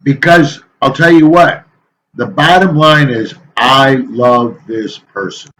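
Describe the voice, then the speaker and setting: A male teacher giving a casual, folksy lecture to his students, rambling a little with frequent pauses and filler sounds. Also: medium pitch, pushed and bright, low-quality recording.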